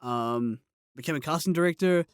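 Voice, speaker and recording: A man's voice: on the high side, moderate pace, clean tone, no echo, clean studio sound. A man from New Zealand, a voice actor guest, talking in an easygoing, encouraging and joking way in a casual interview.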